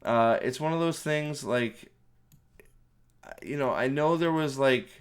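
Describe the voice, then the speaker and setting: Man, movie reviewer, ranting spoiler review, sarcastic, swears a lot, rambling, mid-pitched voice. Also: takes it slowly, smooth. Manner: profane, sarcastic, exasperated; rambling with restarts and fillers.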